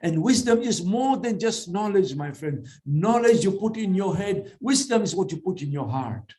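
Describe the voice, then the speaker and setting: A man's voice: high-pitched, expressive, moderate pace, warm tone. A middle-aged man lecturing in a sermon, teaching by asking questions and then answering them. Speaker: religious lecturer.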